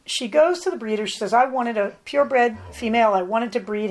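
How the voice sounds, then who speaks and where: A woman hosting a podcast, telling a long casual story in a chatty, rambling way, with quick asides to her dog. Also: a little high. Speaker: podcast host. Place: at home on a ranch.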